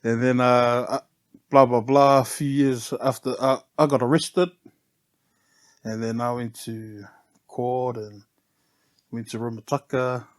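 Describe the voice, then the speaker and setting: Laid-back New Zealand barber telling stories. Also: male voice, medium pitch, unhurried, pauses often. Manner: relaxed, laughs often, ends phrases with "eh". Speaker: podcast guest, barber. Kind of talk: casual storytelling interview.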